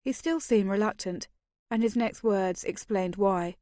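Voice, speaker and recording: A woman reading a fantasy novel aloud in the first person, with an even storytelling delivery. Her voice is mid-pitched and the recording dry and close. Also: unhurried, no room sound. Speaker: audiobook narrator. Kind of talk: first-person audiobook narration.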